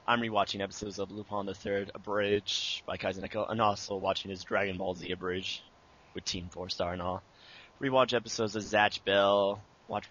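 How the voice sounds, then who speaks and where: Young man, low voice, bright tone, lo-fi dull recording, rambling casual answers. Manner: casual, rambling, many fillers. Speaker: interviewee, abridged series creator.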